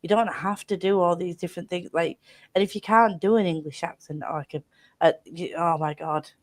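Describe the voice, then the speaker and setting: Low-voiced young woman ranting about books. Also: fairly quick, no room sound. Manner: rambling, restarts often, swears when ranting. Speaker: guest on a book stream. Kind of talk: casual chat with friends.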